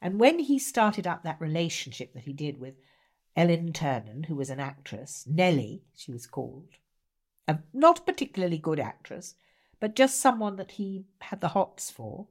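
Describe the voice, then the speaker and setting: A woman guest, an actor and writer, telling stories in animated conversation with a theatrical, emphatic manner. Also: sits low, normal speed.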